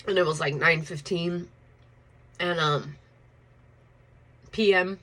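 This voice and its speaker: A woman's voice: lowish voice, slow, bright, forceful tone, poor audio. Woman just telling her story, rambly, lots of likes and ums, swears without a second thought. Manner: rambling, full of "like" and "um" fillers; blunt, swears freely. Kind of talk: casual personal storytelling.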